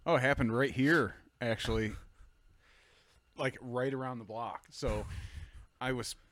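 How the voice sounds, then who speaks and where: A man guest on a podcast telling stories casually, swearing often and acting out quoted lines loudly. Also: mid-range voice, steady tone, measured pace, no room sound. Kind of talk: casual storytelling.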